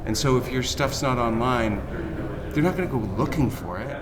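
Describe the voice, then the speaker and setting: A man's voice: medium pitch, moderate pace, a crowd in the background. A man hosting a podcast interview, casual and affirming, often chiming in with agreement. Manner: casual, affirming, lots of backchannel. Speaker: podcast host.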